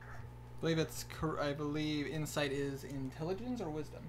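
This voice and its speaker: A man from Minnesota narrates a tabletop game as game master, rambling and joking with plenty of fillers. His voice sits a little high for a man, with a faint hiss underneath. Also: moderate pace.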